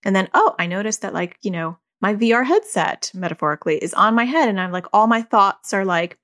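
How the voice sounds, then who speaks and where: Her voice is medium in pitch, expressive, fairly quick, and fairly bright. She's a parent hosting a podcast, chatting openly and reflectively about raising kids in a relaxed style full of "like."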